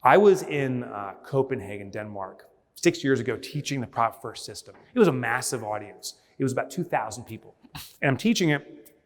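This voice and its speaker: A man's voice: mid-range voice, brisk. A man giving a motivational business keynote on a conference stage, telling stories with energy and acting out scenes. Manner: energetic storyteller, mimics and shouts when acting out scenes. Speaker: keynote speaker. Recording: long hall reverb.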